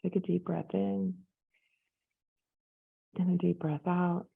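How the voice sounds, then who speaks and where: Woman leading a yoga meditation, slow and gravelly, sounds like it's over a phone line. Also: lowish voice, little pitch movement. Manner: slow, gentle, inviting. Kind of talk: guided meditation instruction.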